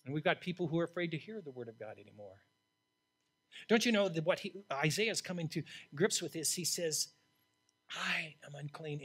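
An older man, an interim pastor, preaching a sermon in a blunt, emphatic way that swings from loud to hushed. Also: on the high side, breathy edge.

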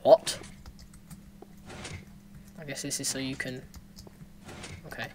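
A man's voice: mid-range voice, completely flat delivery, moderate pace, background noise. A man giving casual commentary while playing a parkour game, talking to himself with sudden frustrated outbursts. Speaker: gaming let's player.

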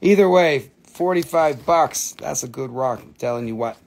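A man's voice: medium pitch, lively intonation, normal speed, vocal fry, a little mellow. A man hosting a live rock and mineral sale, chatting casually, joking, swearing and laughing often while slipping into funny accents. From Appalachian Valley, United States. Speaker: host selling rocks and minerals on a live stream. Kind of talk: casual live-stream sales chat.

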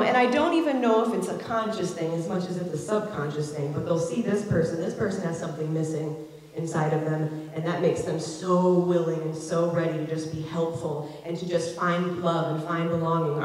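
A woman's voice: lowish voice, moderate pace. A woman in her thirties from Ohio, giving a candid, reflective personal storytelling speech at a community event. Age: 30s. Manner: candid, reflective, acts out quoted voices. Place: large event hall. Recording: echoey hall with long reverb.

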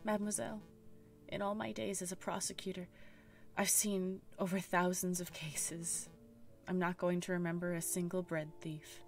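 A woman's voice: fairly low pitch, little pitch movement, normal speed, gravelly, soft background music. A woman reading a lofty rooster prosecutor. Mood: dismissive. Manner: dismissive, lofty. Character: proud rooster prosecutor, older man, cold.

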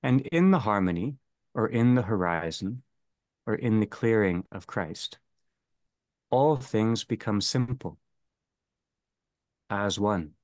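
Low-voiced man giving a deliberate lecture. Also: lively intonation, a little mellow, dry recording. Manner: slow, deliberate, restates each phrase. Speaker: seminar leader. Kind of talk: theology lecture.

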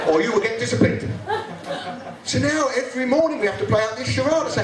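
A man doing a stand-up comedy routine, blunt and sweary, acting out office characters in quick voices. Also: very high-pitched. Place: live venue with audience laughter. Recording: echoey live room, mic picked up from a distance, crowd audible.

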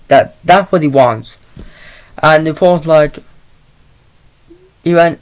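A man giving a casual movie review, retelling the plot in a halting, rambling way into a laptop mic. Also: on the high side, smooth.

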